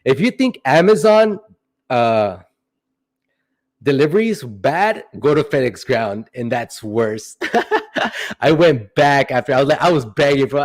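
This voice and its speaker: A man's voice: medium pitch, lively intonation. Rambling young man on a livestream. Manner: rambling, playful, drawn-out joking asides. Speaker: livestream host answering chat questions. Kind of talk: casual livestream chat.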